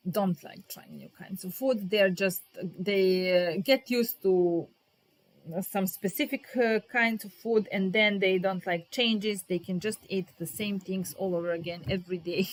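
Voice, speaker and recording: Patient woman teaching grammar. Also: mid-range voice. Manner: patient, repeats example sentences slowly; talks to viewers in the chat by name. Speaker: English teacher. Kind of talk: live-streamed grammar lesson.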